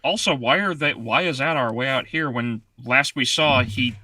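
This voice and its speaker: A man's voice: medium pitch, moderate pace, pushed and bright, a little hiss or hum. A man talking as a guest in a casual chat, wry and joking. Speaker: podcast guest.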